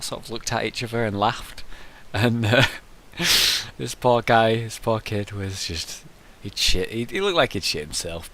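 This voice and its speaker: A man's voice: deep voice, fairly bright tone. A young man answering viewer questions in a casual vlog, rambling through stories with lots of fillers. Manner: rambling, conversational storytelling with frequent fillers.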